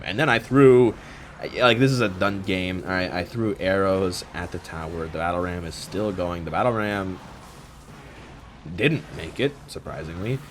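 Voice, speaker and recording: A young man casually commentating his own gameplay, rambling and joking, with sudden loud yells. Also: low-pitched, moderate pace, slight background noise. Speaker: gaming channel host.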